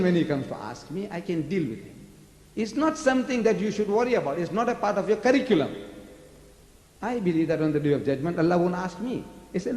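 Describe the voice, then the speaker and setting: An older man with a South African accent giving a public religious lecture, animated and full of mocking rhetorical questions. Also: sits high. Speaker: preacher. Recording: echoey hall recording.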